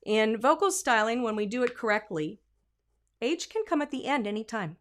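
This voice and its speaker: Woman vocal coach walking thru breath and consonants, sings bits to show, mutters side comments, fairly high voice. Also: expressive, normal speed. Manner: demonstrative, sings example lines; drops to asides and quiet comments. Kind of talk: singing lesson.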